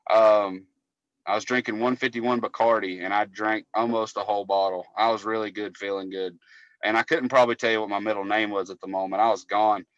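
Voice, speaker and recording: Here the same kind of speaker, a male cable technician co-hosting a casual podcast, tells long, rambling stories laced with swearing. He talks briskly in a steady, lowish voice, captured without echo but sounding muffled.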